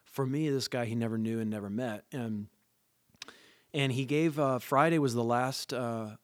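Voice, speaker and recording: A man recounts his faith story in an earnest, animated conversational manner, trailing off and restarting with fillers. His voice sits at an ordinary middle pitch. The recording is very dry and close, with no room sound. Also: moderate pace, dry recording. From Southern California. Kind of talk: casual conversational testimony.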